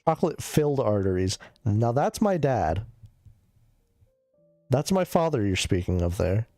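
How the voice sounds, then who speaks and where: A streamer who is under the weather drifts through casual chat in an average mid-pitched voice, with the odd cough and rambling, loopy, swear-filled tangents. His pitch swings widely and he talks a little slowly. It is a close, dry recording with no room sound and soft music underneath.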